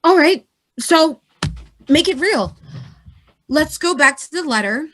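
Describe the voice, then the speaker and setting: A woman's voice: sits high, animated, takes it slowly, fairly bright tone, heavily acted. A woman playing a bossy rehearsal leader. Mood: directive. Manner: directive, blunt. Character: bossy female actor leading the rehearsal. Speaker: director of the rehearsal. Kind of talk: stage play acting.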